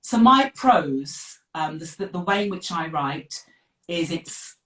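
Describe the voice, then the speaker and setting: A middle-aged woman with a Birmingham accent, chatting as a guest author on a live video call, direct and quick to laugh. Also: on the low side, expressive, a crowd in the background. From West Midlands of England. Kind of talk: casual live interview. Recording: echoey room, distant from the mic.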